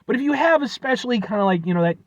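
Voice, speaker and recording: A man with a high, bouncy voice that swoops all over as he rambles through a casual review, full of fillers and self-deprecating asides. The sound is dry and close, with a dull, muffled edge. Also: lively intonation, rapid-fire, no echo. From United States. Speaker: food reviewer. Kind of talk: casual chat.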